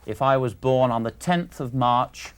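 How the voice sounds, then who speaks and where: A man, a teacher, putting questions in an interview, measured, careful and a little hesitant. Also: medium pitch, smooth.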